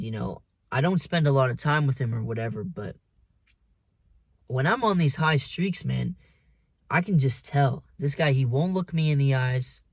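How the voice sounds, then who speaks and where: A man speaks in a loose, preachy monologue, cursing freely and calling the listener "man" and "dude". His voice sits at an ordinary middle pitch. It is recorded dry and close, with no room echo. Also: gravelly. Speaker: vlogger. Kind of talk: casual monologue.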